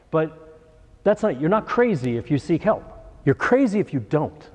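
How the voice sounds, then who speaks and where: Animated New York priest in a reverberant hall. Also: male voice. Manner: animated storyteller, acts out scenes with sudden high-pitched bursts. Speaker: priest teaching a class. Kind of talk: storytelling lecture.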